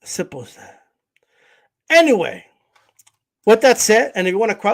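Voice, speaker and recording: A man's voice: very high-pitched, big pitch swings, normal speed, long pauses. Blunt, profane man hosting a livestream. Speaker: boxing channel host. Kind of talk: livestream rant.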